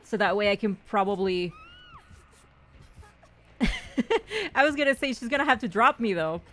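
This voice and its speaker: A young woman streamer giving casual, excitable commentary on her own gameplay, chatty and repeating herself as she talks to her teammates. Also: mid-range voice, quick pace. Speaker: gaming streamer.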